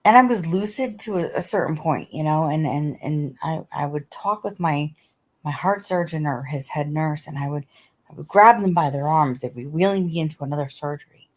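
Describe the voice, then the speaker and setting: A middle-aged woman chats on her live stream in a low, easygoing voice. She talks in loose, repetitive bursts and answers viewers by name. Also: normal speed. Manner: chatty, repeats herself, reads out viewer comments. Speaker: livestream host. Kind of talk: casual live-stream chat.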